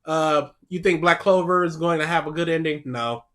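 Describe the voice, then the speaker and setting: A man's voice: fairly high pitch, normal speed, fairly bright tone. A man co-hosting a casual podcast, reading out listener questions and answering bluntly in short replies. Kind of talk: casual chat.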